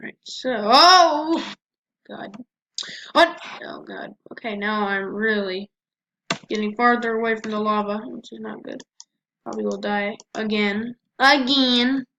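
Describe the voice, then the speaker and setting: A woman with a medium-pitched, creaky, fairly bright voice chats to herself at a moderate pace while playing a game, giving flat, casual let's-play commentary. Her lo-fi mic sounds dull and carries faint noise.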